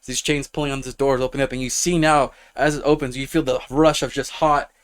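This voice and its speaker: A man's voice: medium pitch, flat delivery, a little fast, smooth. A man narrating a tabletop fantasy game as game master, rambling with lots of fillers. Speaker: dungeon master.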